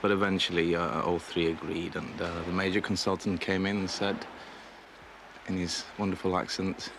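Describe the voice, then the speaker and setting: A man with a very deep voice talks about his cancer in a reflective interview. His delivery is flat and measured, broken by pauses. The old documentary recording carries clear background hiss. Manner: measured and hesitant, with frequent pauses. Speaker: cancer patient recounting his experience. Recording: noisy 1980s documentary audio.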